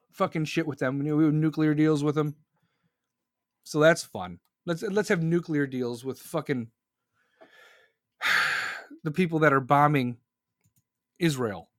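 A man's voice: a little high, no room sound, clean studio sound. A man hosting a podcast, delivering an angry, profane political rant. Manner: furious, profane, ranting. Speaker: podcast host.

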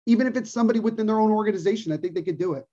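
This co-host talks very fast in a high-pitched voice with a dark tone, ranting about sports with strong conviction. Repetition drives home each opinion in the casual podcast talk, and the audio sounds dull and lo-fi.

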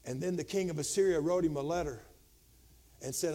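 A man preaching a sermon as pastor, retelling a scripture story, swinging from loud shouted passages to quiet, low storytelling. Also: fairly quick.

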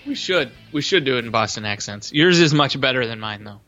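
A man's voice: medium pitch, lively intonation, a little fast, bright, forceful tone, muffled recording, faint music behind. A man co-hosting a casual sports podcast, teasing his co-host and telling wry stories.

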